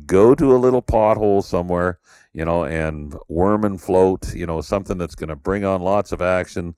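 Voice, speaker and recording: A man's voice: low-pitched, moderate pace, dark tone, clean tone, no room sound, clean studio sound. A middle-aged man from Canada, hosting a podcast and telling stories in a rambling way with lots of fillers. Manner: storytelling, rambling with many "you know" fillers. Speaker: podcast host. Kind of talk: casual conversation.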